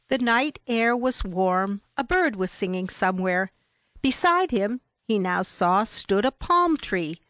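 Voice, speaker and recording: Woman audiobook narrator, slow and measured, dry close sound. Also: mid-range voice, no room sound. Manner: measured, even storytelling. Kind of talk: scripted narration of a novel.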